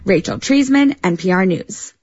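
A woman correspondent reading a radio news report in a measured, clear voice. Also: mid-range voice, animated, darkish tone, dry recording, dull audio.

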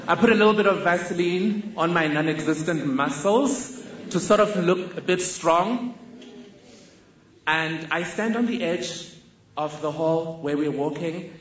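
A woman, telling a personal story in a measured, deliberate way. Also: deep voice, echoey room, muffled recording. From South Africa. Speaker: speaker telling her life story.

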